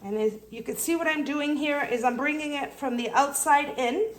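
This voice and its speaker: Woman with a high voice doing a chatty cooking demo at home, kinda out of breath. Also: moderate pace. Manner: chatty, talks viewers through each step. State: out of breath from kneading. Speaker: cooking channel host. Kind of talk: casual cooking demonstration.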